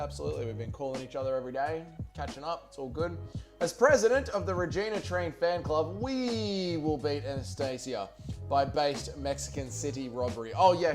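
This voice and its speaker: An Australian man hosting a casual livestream, reading chat and bantering with viewers, with plenty of swearing and jokes. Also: on the high side. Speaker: livestream host.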